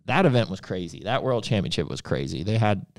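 A man's voice: fairly low pitch, very animated, a little fast, vocal fry, dry recording, clean studio sound. A man co-hosting a casual livestream chat, rambling and correcting himself as he goes. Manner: rambling, loose, self-correcting. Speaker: podcast co-host and supplement brand owner.

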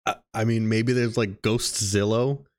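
Slangy young man with a low voice. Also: flat delivery, a little slow, no room sound, clean studio sound. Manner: slangy, spins wild ideas. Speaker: podcast co-host. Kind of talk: casual chat.

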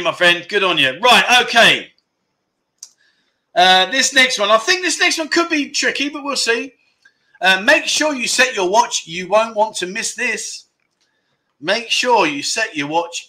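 A man hosting a livestream, reading viewer comments aloud and reacting with loud, jokey exclamations. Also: high voice. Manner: excitable, jokey, exclaiming loudly. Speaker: livestream host.

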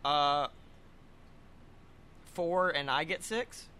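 A man's voice: fairly high pitch, drawn-out words, sharp tone, clean tone. A young man co-hosting a podcast, chatting casually and laughing often. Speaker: podcast co-host. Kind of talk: casual chat. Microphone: webcam.

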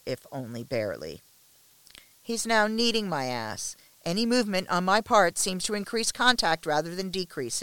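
A woman reading a first-person story aloud with a measured, restrained delivery and tense pauses. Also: on the low side, no room sound.

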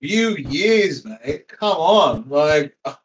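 A man's voice: a little high, big pitch swings, extremely slow, exaggerated voice, poor audio. A man voicing a flippant young male parakeet who mocks his estranged father. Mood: mocking. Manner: flippant, laughing, swearing.

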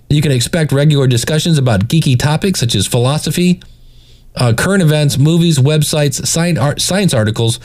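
A man's voice: fairly high pitch, a little mellow. A man casually reviewing a podcast, picky and hesitant, often restarting his sentences. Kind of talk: casual critique over playback.

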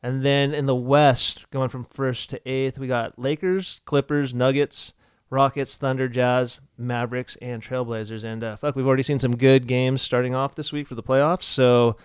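A man's voice: medium pitch, little pitch movement, normal speed, smooth, no room sound, clean studio sound. A young man co-hosting a podcast, chatting casually about sports in laid-back slang with swearing. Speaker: podcast co-host.

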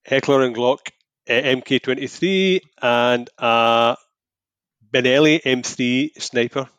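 A man's voice: medium pitch, slow, a bit bright, smooth, dry recording, muffled recording. A man co-hosting a podcast, laid-back and saying "aye", listing film facts. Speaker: podcast co-host. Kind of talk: casual film chat.

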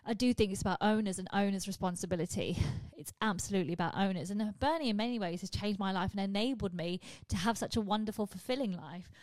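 Fast-talking sweary woman. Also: medium pitch, no room sound. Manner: animated, ranting and sweary. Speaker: comedian and podcast host. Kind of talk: casual podcast monologue.

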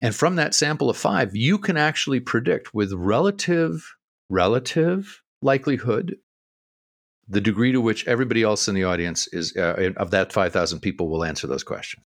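Podcast guy telling a story, laughs a lot, swings his pitch all over, dry mic. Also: expressive, normal speed, no room sound. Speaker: co-host. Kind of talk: casual storytelling.

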